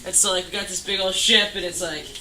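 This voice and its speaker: Fast, bright and forceful, the high-pitched voice of a young man in his late teens runs through a jokey, rambling tall tale in a camp cabin, loaded with fillers. His intonation is fairly even, and the echoey room carries background noise.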